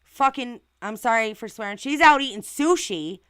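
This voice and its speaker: Woman host, casual stream commentary, indignant and blunt, bright clear tone, dry close sound. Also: on the high side, animated, moderate pace, no room sound. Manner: outspoken, indignant, swears and asks rhetorical questions. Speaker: channel host reading viewer comments.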